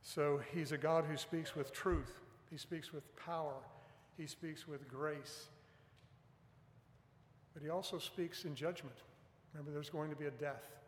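A man's voice: a little high, steady tone, a little slow, long pauses, slight background noise. Man preaching in an echoey hall. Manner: earnest, emphatic, stresses key words. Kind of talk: sermon. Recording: echoey hall with long reverb.

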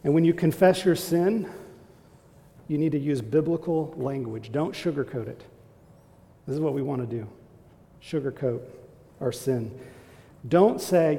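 A man preaching a sermon as pastor, emphatic and exhorting, building to forceful calls to his listeners. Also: fairly high pitch, normal speed, creaky, pauses often, long reverb tail.

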